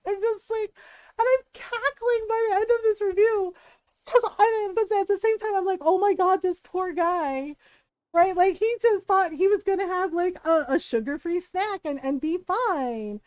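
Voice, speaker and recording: A woman's voice: very high-pitched, normal speed, darkish tone, no echo. A woman streamer chatting casually while gaming, animatedly retelling a story, acting out quotes and laughing often.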